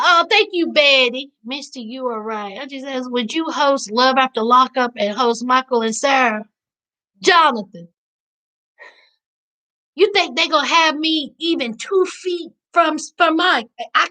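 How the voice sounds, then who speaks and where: A Southern US woman with a very high, bright, forceful voice hosts a casual live recap, reading and answering chat. She's sassy and animated, calling viewers "child" and "honey," at a measured pace on a rough recording.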